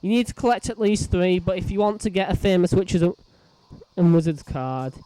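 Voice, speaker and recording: A man's voice: sits high, animated, fairly quick, dark tone, no echo. A man giving casual, rambling gameplay commentary full of fillers. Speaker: let's play host.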